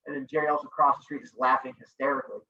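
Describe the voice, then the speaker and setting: Over echoey, distant, dull video-call audio with a little background noise, a racing, mid-range male voice reviews material for an online middle school class. He keeps it animated, cracking jokes with the kids and acting out goofy voices.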